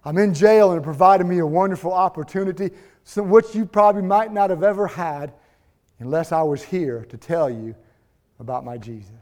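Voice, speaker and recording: A man's voice: sits high, a little fast, darkish tone, pitched below the performer's own voice, close to an everyday voice. A man playing the apostle Paul in a sermon, an earnest jailed man testifying. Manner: earnest, confessional.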